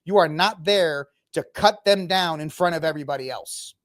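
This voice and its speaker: A man's voice: on the high side, normal speed. A man in his thirties from Texas, hosting an opinionated reaction commentary with mocking asides. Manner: animated, opinionated, mocking impressions. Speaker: commentary host.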